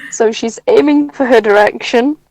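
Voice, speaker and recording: A woman's voice: on the high side, gravelly, a little mellow, rough recording. A woman playing a tabletop game, describing her character's actions with some hesitation. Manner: hesitant, halting. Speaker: player.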